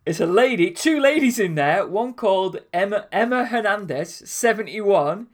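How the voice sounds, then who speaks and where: A man telling anecdotes in a casual chat, animated and acting out the voices of people in his stories. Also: high voice, normal speed.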